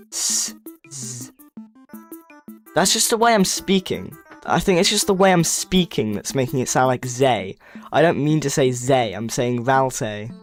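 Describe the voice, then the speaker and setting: A livestreamer chatting casually, rambling, correcting themself and reading chat messages aloud. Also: medium pitch. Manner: self-correcting, stumbles over words.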